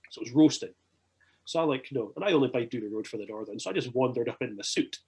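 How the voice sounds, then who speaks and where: A young Scottish man spins a long, rambling anecdote in casual chat, animated and swearing freely. His voice has a husky, slightly breathy edge at a middling pitch. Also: fast talker. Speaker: podcast guest. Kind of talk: casual storytelling.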